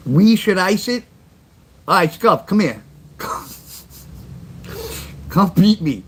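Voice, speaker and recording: Slow-paced but with lively intonation, an older man from New York hosts a casual livestream, reading viewer chat and telling blunt stories that ramble and repeat. His voice is high-pitched, and there's slight background noise.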